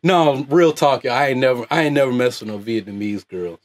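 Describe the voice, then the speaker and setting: A man from the United States, hosting his own online channel with a loud, profane, off-the-cuff rant and frequent laughter. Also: mid-range voice, fairly quick. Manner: loud, animated, laughs often. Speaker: YouTube host.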